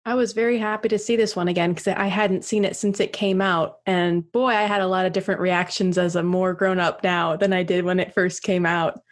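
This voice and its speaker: A woman in her thirties co-hosting a podcast, chatty and animated in casual talk. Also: lowish voice, brisk, hardly any pauses. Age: 30s. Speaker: podcast co-host.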